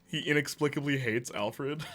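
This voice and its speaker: A young man riffing and laughing as a gaming streamer in casual live-stream talk. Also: on the high side. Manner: jokey, riffing, laughing often.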